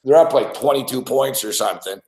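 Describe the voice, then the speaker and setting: A man's voice: medium pitch, brisk, reverberant, low-quality recording. Laughing, profane sports talk man. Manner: profane, laughing, gets excited over plays. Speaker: sports podcast host. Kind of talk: casual sports talk rant.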